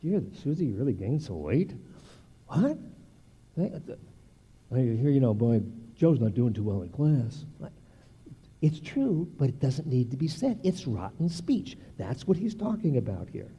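Older male pastor, preaching sermon, lively rising and falling pitch, dark mellow tone. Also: unhurried, husky, lo-fi sound. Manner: animated preaching with playful asides.

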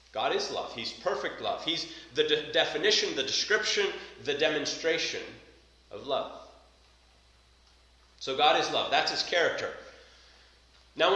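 A male pastor delivers an earnest sermon, stressing his points through repetition. His voice is bright and forceful, sitting at an ordinary pitch. The sound carries heavy reverberation, as from a large hall. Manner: earnest, emphatic preaching with repetition.

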